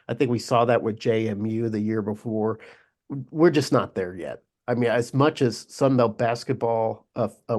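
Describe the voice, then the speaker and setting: A man co-hosting a casual sports podcast, chatty and quick to laugh, often restarting his sentences. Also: medium pitch, a little mellow. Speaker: podcast co-host.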